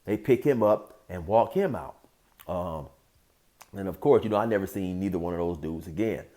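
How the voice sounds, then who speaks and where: A man's voice: sits low, animated, moderate pace, mellow. A man telling a story casually as a YouTube storyteller, in a laid-back, streetwise way with lots of "you know".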